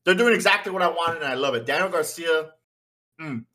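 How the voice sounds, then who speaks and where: A laid-back, joking man chats casually on a podcast, talking through mouthfuls of food. His voice sits somewhat higher than most men's. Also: expressive, brisk, pushed and bright. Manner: laid-back, joking, talks while eating. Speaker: podcast co-host. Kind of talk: casual chat.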